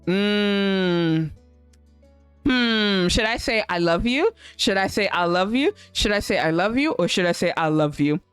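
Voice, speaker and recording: A woman's voice: medium pitch, animated, unhurried, clean tone, no echo, faint music behind. A young woman streaming a visual novel, reading it aloud and chatting in a giggly, gushing way.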